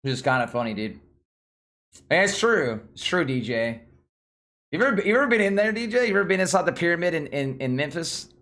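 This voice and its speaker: This man from Tennessee speaks with a Southern American accent, his voice sitting on the high side and moving fairly quickly. He's a livestream host chatting casually, lively and excitable, and he laughs a lot.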